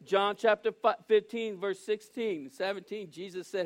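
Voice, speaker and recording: A man's voice: high voice, fairly even intonation, moderate pace. An older man preaching a sermon as pastor, earnest and direct with the congregation, often restarting and repeating his phrases.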